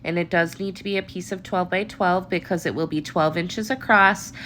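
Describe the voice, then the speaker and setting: A woman's voice: on the low side, steady tone, normal speed, sharp tone, a little hiss or hum. Stuffy-nosed woman hosting a craft tutorial. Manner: chatty, upbeat, talks to viewers directly. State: stuffy nose from allergies. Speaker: papercraft tutorial host.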